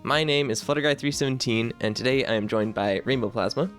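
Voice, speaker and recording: A man's voice: mid-range voice, a little fast, a bit bright, faint music behind. Giggly man hosting a podcast. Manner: giggly, laughs often. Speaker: podcast host. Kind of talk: casual chat.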